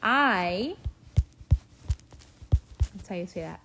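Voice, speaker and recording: A woman talks through a recorded classroom lesson at an unhurried pace, patient and explanatory, pausing often to check that listeners are following. Her voice sits at an ordinary middle pitch, and a faint hiss with small clicks runs underneath. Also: animated, gravelly. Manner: patient, explanatory, frequent "okay?" check-ins. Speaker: Spanish teacher.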